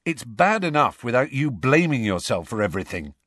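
A man's voice: mid-range voice, very animated, fairly quick, fairly bright tone, no room sound, studio quality, pitched above the performer's own voice. A man voicing a short-tempered, bitter teenage boy wizard in a storybook reading. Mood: angry.

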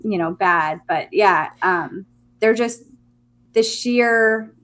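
A woman's voice: medium pitch, slow pace, a bit bright. A woman co-hosting a podcast interview, responsive with playful asides. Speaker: podcast co-host. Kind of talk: casual interview chat.

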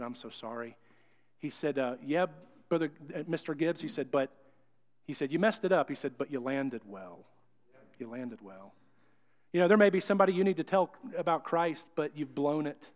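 A male pastor preaching a sermon in a conversational, storytelling way. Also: a little high.

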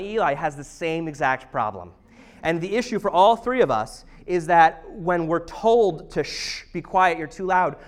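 A man in his thirties, a pastor, preaching a conversational, self-deprecating sermon with storytelling. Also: high-pitched. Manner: chatty, self-deprecating, humorous. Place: church service.

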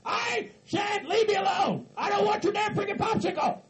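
Guy putting on a shrieky gravelly redneck, yelling cusses at everyone, high af. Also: lively intonation, moderate pace, a crowd in the background, background noise. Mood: ranting. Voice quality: raspy, screeching. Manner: yells curses nonstop. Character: paranoid, furious hillbilly man hearing voices. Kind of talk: hobby comedy skit acting.

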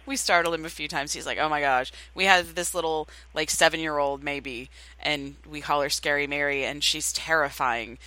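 A woman co-hosting a casual talk show, chatting in an upbeat way with quick asides. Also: low voice, steady tone, bright, forceful tone. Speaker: podcast co-host. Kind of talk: casual chat. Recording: dry close sound.

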